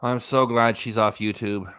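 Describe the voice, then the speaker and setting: A man's voice: medium pitch, steady tone, measured pace, a bit bright, smooth. A man hosting a live reaction stream, giving casual running commentary with dry asides and reading out quotes. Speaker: reaction channel host.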